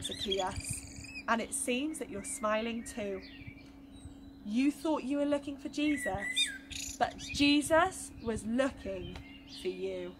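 A woman with a high voice tells a rhyming Bible story to young children, taking each line slowly and gently. Her delivery stays expressive and warm-paced for little listeners. Loud noise and birdsong sit behind the voice.

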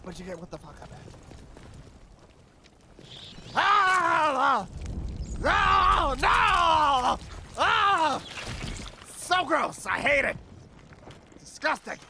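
Vegeta, a man doing a gravelly, cursing warrior prince. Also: sits high, sing-song, brisk, pauses often, noisy background, full character voice. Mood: ranting, gaming. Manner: swearing, shouting outbursts at the game. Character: arrogant hot-headed alien warrior prince, male adult. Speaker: let's-play gamer. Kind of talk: gaming commentary in character. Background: game music.

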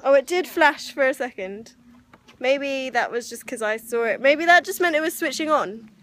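A woman's voice: sits high, animated, normal speed. A young woman chatting casually in a daily vlog, tired and a little out of breath, laughing often. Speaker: vlogger.

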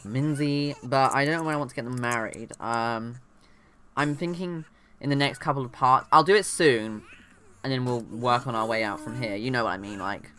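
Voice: mid-range voice, normal speed, a bit bright, a little hiss or hum. A young adult chatting casually through a life-sim playthrough, rambling, talking to the game characters and often trailing off mid-sentence. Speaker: let's play gamer. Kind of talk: casual gameplay commentary.

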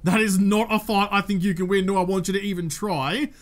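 A woman with an Australian accent giving chatty, excitable gameplay commentary and talking to the characters on screen. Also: mid-range voice, fairly quick. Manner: chatty and excitable, talks to the game and her companion. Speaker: gaming video creator. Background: game music.

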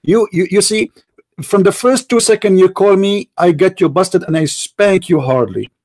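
A man's voice: high voice, moderate pace, a little mellow. A man whose first language is Arabic, hosting a heated live online debate, taunting and repeating himself as he talks over his opponent. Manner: taunting, repetitive, talks over the other speaker. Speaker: debate host.

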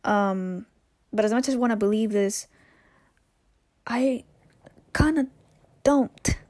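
A woman commentator delivering blunt, sarcastic asides in a middle-pitched voice. She sounds close and dry, with no room around her. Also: takes it slowly, warm tone, no echo. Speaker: commentary host. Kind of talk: reaction commentary.

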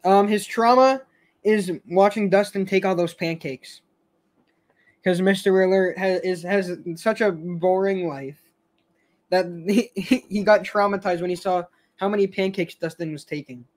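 A high-pitched young man chatting casually on a fan stream. He rambles, trips over his words and restarts sentences, laughing now and then as he goes. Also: measured pace. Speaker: show fan host.

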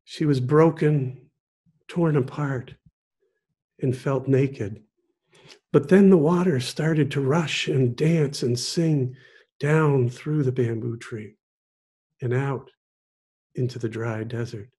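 A man, a pastor, telling a parable in a sermon, gently and with pauses. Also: medium pitch, steady tone, breathy edge. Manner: slow, gentle storytelling with pauses. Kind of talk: storytelling sermon.

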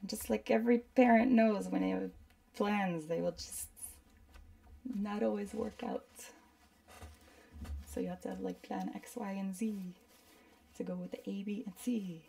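A woman's voice: medium pitch, fairly even intonation, unhurried, creaky, pauses often, mellow, distant mic. A woman teaching a live painting demo at her desk, chatting and rambling to herself as she works. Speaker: art instructor.

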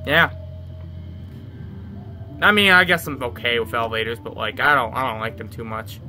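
A man's voice: medium pitch, moderate pace, pushed and bright, faint music behind. A man giving casual gameplay commentary, rambling and swearing freely. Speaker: let's play gamer.

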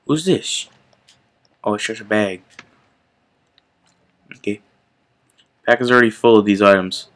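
Slow-talking young man commenting on gameplay. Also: fairly low pitch. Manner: chatty, reacting out loud to the game. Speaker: gaming channel host.

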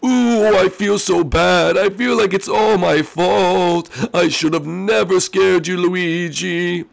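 A man's voice: high voice, fairly even intonation, takes it slowly, gravelly, voice pushed up, full character voice. A man voicing a timid, guilt-ridden male ghost who stammers fearfully. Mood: guilty.

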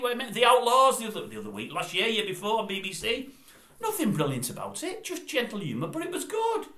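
A man's voice: sits high, a bit bright. Blunt, grumbling older British man. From Britain. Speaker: vlogger. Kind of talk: casual vlog rant. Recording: echoey room.

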